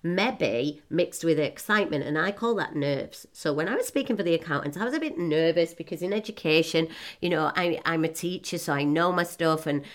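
A woman in her forties giving a chatty, self-mocking personal talk to her audience, laughing often and breaking into quick asides. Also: low voice. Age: 40s. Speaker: motivational speaker.

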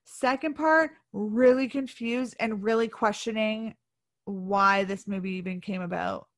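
A woman's voice: medium pitch, measured pace. A woman co-hosting a podcast, chatting casually and frankly about a movie that frustrated her. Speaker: podcast co-host. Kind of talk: casual movie review chat.

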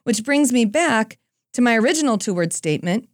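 Woman, Christian speaker, animated storytelling, playful asides, dry close sound. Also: on the high side, fairly quick, no room sound. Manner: animated, self-deprecating storyteller. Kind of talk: personal storytelling talk.

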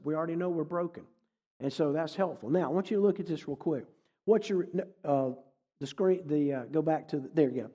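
A man's voice: on the high side, mellow. Folksy man preaching in a reverberant hall. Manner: folksy, conversational, jokes with the audience. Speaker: guest speaker. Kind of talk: sermon with storytelling. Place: church hall.

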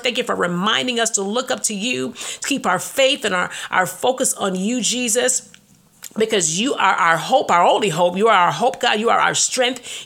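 A woman's voice: medium pitch, a bit bright. A woman hosting a devotional broadcast, preaching and praying fervently, with emphatic repeated calls. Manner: fervent, exhorting, with emphatic repetition. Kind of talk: devotional sermon with prayer.

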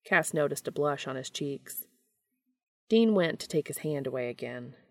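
Woman narrator for fan fiction, low pitch, dry close sound, measured reading. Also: animated, darkish tone, dry recording. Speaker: fanfiction reader.

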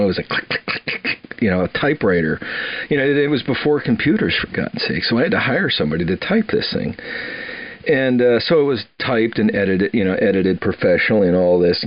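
A man's voice: low voice, dull audio. An older man from Wisconsin telling his life story casually, rambling and repeating words with frequent chuckles.

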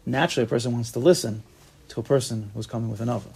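A man teaching a casual Torah class, animated, acting out little dialogues and asking rhetorical questions. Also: medium pitch, rapid-fire, creaky, husky.

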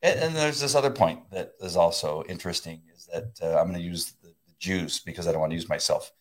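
A man in his fifties co-hosting a casual faith chat, excitable and laughing often, often restarting mid-sentence. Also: low-pitched, quick pace. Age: 50s. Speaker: co-host.

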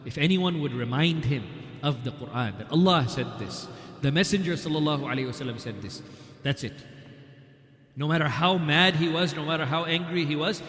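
A man's voice: on the high side, brisk, fairly bright tone. A man giving a weekly religious history lecture, retelling events through quoted dialogue and recited scripture. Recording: echoey hall with long reverb.

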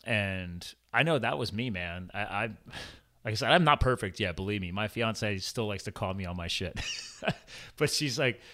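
Young guy on a podcast, kinda low voice, rambles, says man a lot. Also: animated, normal speed, bright, forceful tone. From farm upbringing, rural. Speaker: podcast guest. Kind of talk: casual conversation.

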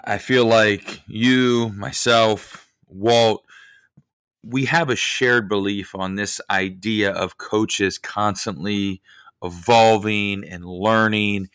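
A man's voice: fairly low pitch, a bit bright, clean tone, dry recording, clean studio sound. A man co-hosting a podcast, earnestly asking the guest coach for his views. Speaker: podcast co-host. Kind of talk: interview questions.

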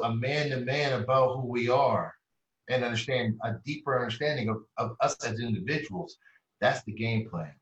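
Mid-range in pitch, the man, a therapist being interviewed, recounts stories animatedly with slang and abrupt squeaky impressions of others. The sound is a bit dull, and he seems distant from the mic in a room with echo.

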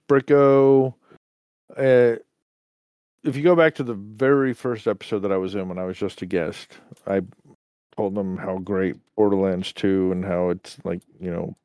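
A man's voice: low voice, fairly even intonation, moderate pace, a little mellow, no echo. A man co-hosting a casual gaming podcast, talking in an easygoing, teasing and reassuring way. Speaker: podcast co-host. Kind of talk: casual chat.

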